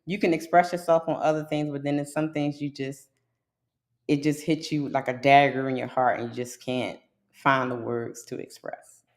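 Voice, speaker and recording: A woman's voice: rumbling low, moderate pace. A woman hosting a live stream, chatting casually and telling stories with frequent laughs and exclamations. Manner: animated storyteller, laughs often, exclaims to the Lord. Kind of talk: casual chat.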